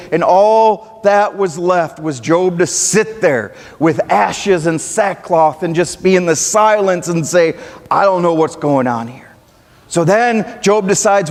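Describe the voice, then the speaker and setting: A man in his thirties preaches in a casual, storytelling way, often restarting his sentences. His voice sits fairly high for a man. The sound carries the long reverb of a church sanctuary. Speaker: pastor. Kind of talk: sermon.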